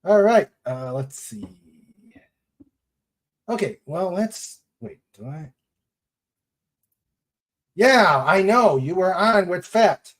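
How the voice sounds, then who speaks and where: A man hosting a casual livestream, greeting the chat and reminding viewers to subscribe. He talks slowly and his intonation swings up and down. He comes across as relaxed and laughs easily. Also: sits high. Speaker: host.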